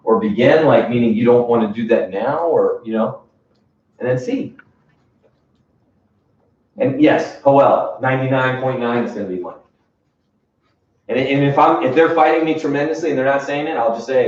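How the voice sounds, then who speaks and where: A man's voice: mid-range voice, normal speed, long pauses, a little mellow. A man leading a sales training session in an emphatic coaching manner, often checking in with "right?". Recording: distant, echoey room, dull sound.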